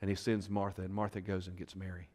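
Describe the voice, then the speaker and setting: A male pastor preaching a sermon, retelling a scripture story dramatically and questioning the congregation, moving between loud bursts and hushed moments. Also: deep voice, level tone, fast talker. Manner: conversational, asks the crowd questions.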